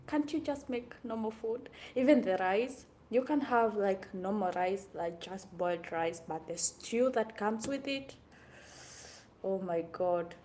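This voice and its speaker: Chatty, animated woman from Kenya. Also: medium pitch, a little slow, slight background noise. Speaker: vlogger. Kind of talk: casual talking-to-camera vlog.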